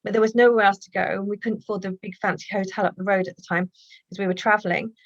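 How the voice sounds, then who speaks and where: A woman's voice: mid-range voice, little pitch movement, dry recording. Earnest woman guest, dull dry call audio. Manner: earnest, reflective, halting with restarts. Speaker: guest, healer and author. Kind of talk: personal storytelling in conversation.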